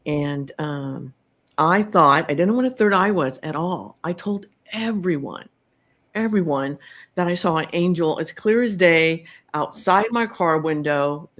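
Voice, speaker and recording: A middle-aged woman hosting a podcast, telling a personal story in a slow, reflective way with many pauses and ums. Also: low-pitched. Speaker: podcast host telling her own story.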